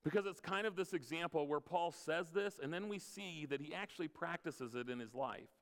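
Pastor preaching in a reverberant hall. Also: male voice, on the high side, fairly quick. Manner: conversational preaching with playful asides. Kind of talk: sermon. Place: church sanctuary.

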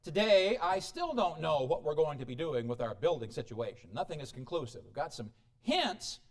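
A man preaching a sermon as pastor, animated, swinging between loud exclamations and quiet asides. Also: fairly high pitch, moderate pace. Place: church.

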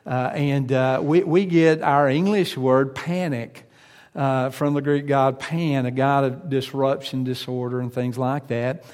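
A man's voice: mid-range voice, fairly even intonation, a little slow, darkish tone, big-room sound. A male pastor preaching a sermon. He hesitates often with fillers, then builds to emphatic points.

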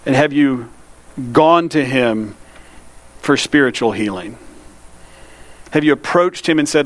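A man delivering a sermon in an earnest, searching way, pressing his listeners with direct questions. His voice sits at an ordinary middle pitch, and he slows right down when he reads scripture aloud. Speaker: pastor.

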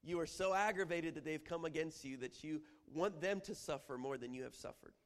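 A man giving a lively, humorous church teaching, acting out prayers as he explains them. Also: on the high side, a little fast. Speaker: Bible teacher. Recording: long hall reverb.

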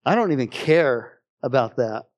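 A middle-aged man preaching a sermon in a church, telling a personal story with bursts of loud exclamation and quiet, low passages. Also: expressive, normal speed. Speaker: pastor. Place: church sanctuary.

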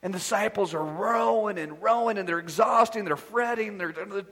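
A man with a high, husky voice preaches a sermon, dropping to quiet asides and then rising to loud declarations. His voice rings with the long reverb of a church hall. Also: moderate pace. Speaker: pastor.

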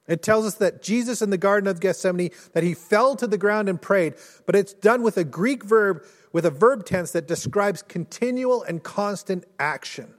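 A male pastor preaching a sermon in earnest, rising to intense storytelling and dropping low and soft. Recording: long hall reverb.

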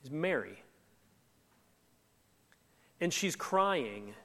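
A man's voice: on the high side, lively intonation, a little slow, pauses often, fairly bright tone. Conversational male pastor in an echoing hall. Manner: conversational, emphatic, acts out quoted lines. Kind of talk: sermon. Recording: echoey hall reverb.

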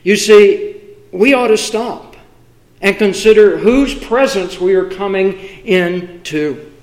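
Male preacher, high-pitched, unhurried, emphatic, with measured pauses. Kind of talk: sermon. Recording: echoey room.

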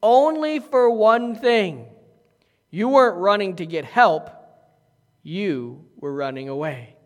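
A male pastor reading the part of a sharp-minded doctor who solves a murder, measured and pointed. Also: high voice, animated. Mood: probing. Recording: echoey hall.

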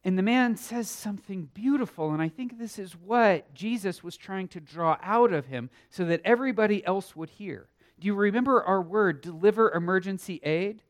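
A man teaching a Sunday school Bible lesson, earnest and emphatic, sometimes swelling loud and then dropping quiet. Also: sits high, moderate pace, few pauses. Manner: thinks aloud with small restarts.

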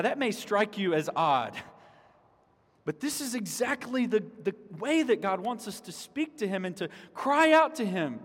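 Pastor guy preaching, earnest, voice a little high, big echoey church. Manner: dramatic shouts when voicing the psalm's cries; earnest, with restarts and repeated words. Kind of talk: sermon. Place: church sanctuary. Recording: long hall reverb.

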